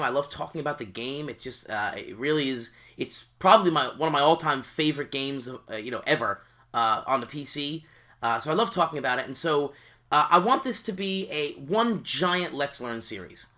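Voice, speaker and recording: A man's voice: mid-range voice, lively intonation, moderate pace, pushed and bright. A man hosting a gaming channel, chatting casually to viewers from home with lots of fillers and restarts. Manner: rambling, many fillers and restarts. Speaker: YouTube gaming channel host. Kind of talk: casual let's-play talk to viewers. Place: home, sitting on a creaky seat.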